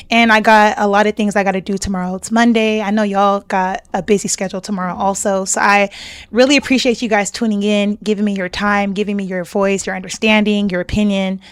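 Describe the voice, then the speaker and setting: A woman's voice: mid-range voice, clean tone, no room sound. A young woman chatting casually with her live stream chat, gushing and laughing often.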